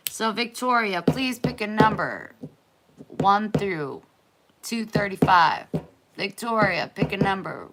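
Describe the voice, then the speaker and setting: A woman hosting a casual live stream, chatty and playful, easily excited. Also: mid-range voice, very noisy.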